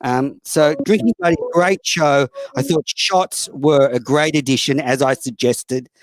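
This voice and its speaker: A man's voice: on the high side, unhurried, no echo. An Australian man hosting a casual call-in show, blunt, profane and mocking toward callers and other hosts. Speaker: host.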